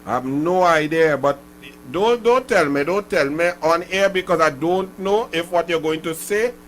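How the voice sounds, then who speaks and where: A Trinidadian man hosting a call-in radio show, his voice pitched high for a man. He argues in an emphatic, combative way and stacks up repeated phrases, over a faint hum. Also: moderate pace. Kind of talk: political call-in radio talk.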